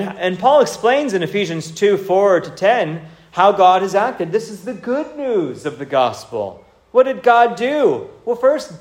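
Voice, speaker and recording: A man preaching a sermon in an earnest, exhorting way, rising and falling in pitch for emphasis. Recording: echoey room.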